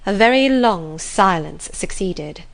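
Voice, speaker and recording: A woman narrating a classic novel in a calm, gentle manner. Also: medium pitch, slow. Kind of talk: scripted audiobook narration.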